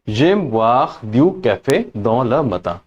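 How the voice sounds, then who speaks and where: Man, language teacher, animated pitch, slow delivery, repeats every example. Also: muffled recording. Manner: repeats each example several times, checks with "right?" and "correct?". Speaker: French teacher. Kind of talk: slow, repetitive language lesson.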